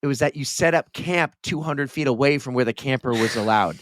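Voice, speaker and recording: A man's voice: mid-range voice, brisk, fairly bright tone, no echo, studio quality. Man chatting casually on a podcast. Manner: rambling, restarts and jokes. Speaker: podcast co-host. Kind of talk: casual chat.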